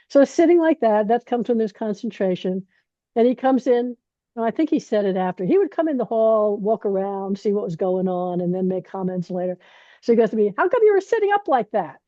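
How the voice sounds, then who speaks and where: A woman meditation teacher telling stories on a panel, animated and rambling, with frequent laughter. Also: mid-range voice, no echo, muffled recording. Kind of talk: casual storytelling on a panel.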